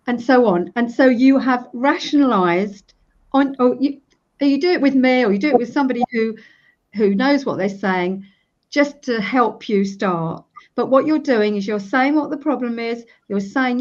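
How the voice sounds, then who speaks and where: Chatty woman demonstrating tapping, high voice. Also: moderate pace. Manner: demonstrative, acts out sample self-talk while tapping. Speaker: EFT practitioner, guest. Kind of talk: casual interview. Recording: dull lo-fi recording.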